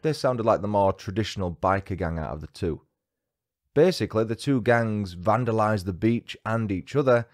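Lowish-voiced guy narrating a true crime podcast, dry jokes in between. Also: animated, normal speed. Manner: dry, wry asides.

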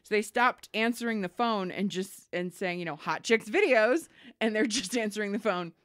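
A woman co-hosting a casual podcast, telling stories with a lively, rising and falling voice. She slips into little character voices for the people in her anecdotes. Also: medium pitch, moderate pace. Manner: animated, acts out voices in stories. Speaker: podcast co-host. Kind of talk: casual storytelling chat.

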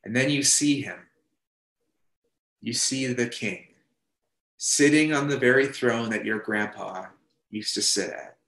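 Male pastor, storytelling sermon, voices the characters, mid pitch, echoey church room. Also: slow pace, creaky, pauses often, fairly bright tone. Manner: retells a story vividly, voicing the characters' lines, with some restarts. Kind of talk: sermon, second-person storytelling.

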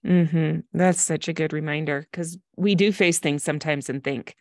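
Low-voiced woman podcast host. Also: fairly even intonation, moderate pace, no room sound, studio quality. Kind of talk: casual interview talk.

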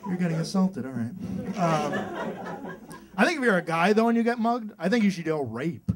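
A male stand-up comedian works a club stage on a handheld mic, going from deadpan setups into acted-out voices. His voice sits high and moves a lot in pitch. Loud crowd laughter fills the live recording. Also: brisk. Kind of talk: stand-up routine.

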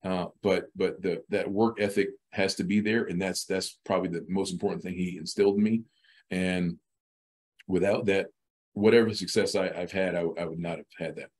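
A man's voice: deep voice, steady tone, normal speed. A middle-aged man as a podcast guest, talking casually with many restarts and repeated words. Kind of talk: casual interview talk.

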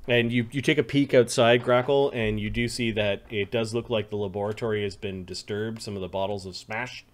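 A man's voice: fairly low pitch, fairly even intonation, fairly quick, hardly any pauses. Man narrating as game master. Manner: descriptive, frequent ums and restarts.

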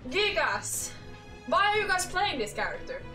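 High, bright-voiced woman ranting profanely. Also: big pitch swings, moderate pace. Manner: profane, exasperated, laughing often. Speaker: gaming creator. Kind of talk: casual ranting commentary. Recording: echoey room, distant mic, faint music.

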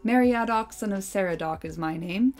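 A woman's voice: mid-range voice, moderate pace, darkish tone, soft background music, close to an everyday voice. A woman voicing a cheeky young male hobbit who speaks with grave, overly formal courtesy in a storybook reading. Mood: mock grave.

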